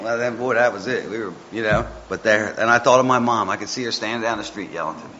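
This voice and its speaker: A man's voice: on the low side, fast, few pauses, sharp tone, a little hiss or hum. Male lay speaker, informal sermon, chatty and meandering; slightly dull recording with faint background. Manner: folksy, rambling, chatty asides. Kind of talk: informal devotional talk. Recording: muffled with faint background ambience.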